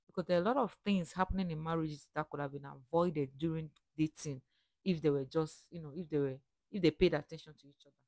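A young woman with a low, dry-sounding voice reads viewers' comments aloud and reflects on them. She talks in a chatty, thoughtful way, slowing down over each quote. She is from Africa. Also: darkish tone, no echo. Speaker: reaction video host.

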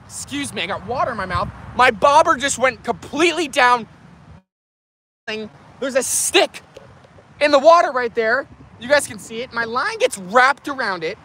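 A man chatting to viewers in a casual outdoor fishing vlog, excitable and talkative, recorded on a camera mic by a canal. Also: extremely high pitch, normal speed, slightly rough. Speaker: fishing vlogger.

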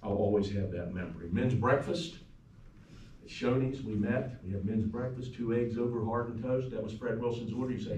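A man, a pastor, delivering a funeral eulogy, telling anecdotes that sometimes drop to a soft, quiet tone. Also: on the low side, normal speed, slight background noise. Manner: storytelling, warm anecdotes, turns soft and quiet at times. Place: funeral home chapel. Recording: echoey room from far off.

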